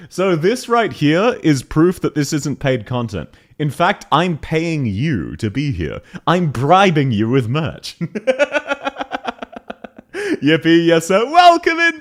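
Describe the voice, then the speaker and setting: On a live stream, a man with a high-side, somewhat bright voice greets viewers by name in casual chat. He laughs often, and his voice starts out a little rough.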